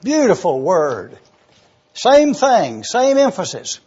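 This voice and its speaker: Husky, high-voiced preacher teaching. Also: male voice, huge pitch swings, takes it slowly, darkish tone, highs cut off. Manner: spells out words letter by letter; enthusiastic teaching. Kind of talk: sermon with word study.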